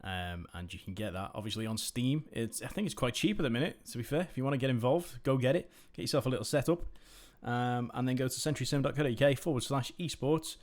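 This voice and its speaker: A man hosting a live stream and giving sim racing commentary, laid-back in chat and excited in the play-by-play. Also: medium pitch, quick pace, few pauses. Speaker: race commentator and stream host.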